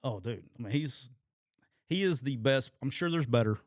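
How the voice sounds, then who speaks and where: A man, a podcast co-host and former football coach, telling a story in casual chat, acting out quotes loudly and laughing often. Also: medium pitch, lively intonation, moderate pace, no echo, clean studio sound.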